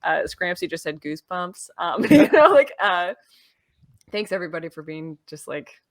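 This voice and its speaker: A woman's voice: lowish voice, very animated, moderate pace. A woman hosting a video call, thanking her guests and leading a short breathing exercise, laughing often. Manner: warm, appreciative, laughs often. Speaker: host. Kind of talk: casual chat on a video call.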